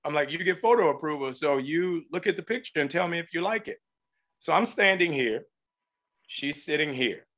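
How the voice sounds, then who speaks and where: A man telling a funny story as an interview guest, lively and laughing, acting out the voices of people in it. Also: on the high side, normal speed. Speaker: guest actor. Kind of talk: animated anecdote telling.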